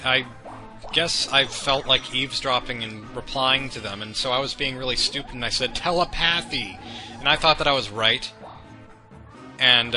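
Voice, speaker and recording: Young guy chatting over a game, wanders off on tangents, music going loud behind him. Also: medium pitch. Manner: meandering, self-deprecating, chatty tangents. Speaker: let's play commentator. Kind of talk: rambling gameplay commentary.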